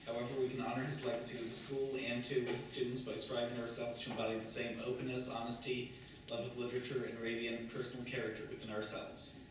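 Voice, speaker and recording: Man, formal prepared speech, flat delivery, distant mic, background noise. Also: mid-range voice, heavy reverb. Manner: measured, formal. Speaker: student tribute speaker. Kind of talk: read prepared tribute speech. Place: memorial gathering in a large room.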